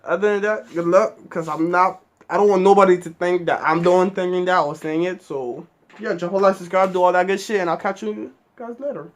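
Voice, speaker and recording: A man's voice: high-pitched, steady tone, fairly quick. A man hosting a reaction video, reacting with blunt, slangy exclamations. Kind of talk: casual reaction commentary.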